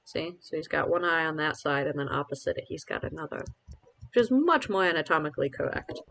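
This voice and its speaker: A man's voice: fairly high pitch, lively intonation, fairly quick, creaky, bright, forceful tone, slight background noise, rough recording. A man streaming a game live, chatting casually and rambling with self-mocking asides to his viewers.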